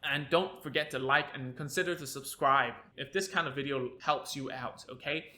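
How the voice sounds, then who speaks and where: A man's voice: medium pitch, normal speed, sharp tone. A man, a speech therapist, talking energetically to parents in an educational video, with frequent tag questions like "all right?".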